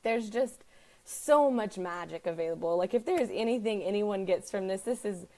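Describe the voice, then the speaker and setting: Woman host, live-stream chat, earnest, filler-heavy, mid-pitched. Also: normal speed, darkish tone. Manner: chatty, earnest, heavy use of "like". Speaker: wellness business owner hosting a live stream. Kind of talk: casual live-stream talk.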